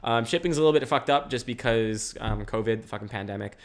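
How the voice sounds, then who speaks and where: A young man hosting a casual solo podcast from home, rambling and energetic and laughing often. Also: medium pitch, brisk. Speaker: podcast host.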